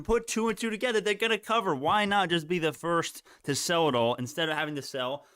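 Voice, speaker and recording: A man giving live stock market commentary, excitable and hyped, laughing often and swearing casually. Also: fairly high pitch, brisk, clean tone, no room sound, studio quality.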